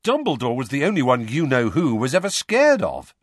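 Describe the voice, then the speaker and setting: A man voicing an excitable young adult wizard who speaks with animated, incredulous emphasis. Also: fairly high pitch, slow pace, no room sound, studio quality, voice pushed up, full character voice.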